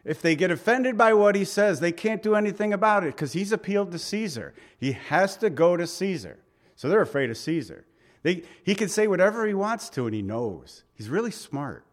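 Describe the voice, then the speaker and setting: A middle-aged man delivers a sermon in a talky, conversational way. His voice sits a little high for a man. He leans on rhetorical questions and acts out the quotes he reads. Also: animated, a little fast. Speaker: pastor.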